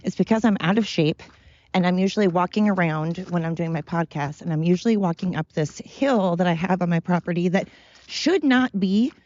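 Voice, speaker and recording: A woman's voice: on the low side, fairly quick, darkish tone, dry recording, highs cut off. A woman hosting her own podcast in a loose, self-deprecating ramble, out of breath as she walks uphill outdoors. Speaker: podcast host. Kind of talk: casual rambling monologue. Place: outdoors, walking up a hill.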